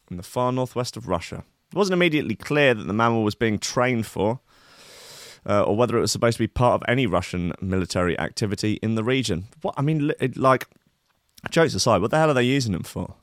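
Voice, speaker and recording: A man's voice: on the low side, dry recording, clean studio sound. A man hosting a show, reading a news story aloud and ranting about it in a sweary, sardonic, mock-outraged way. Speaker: radio show host. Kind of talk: comic rant reading news.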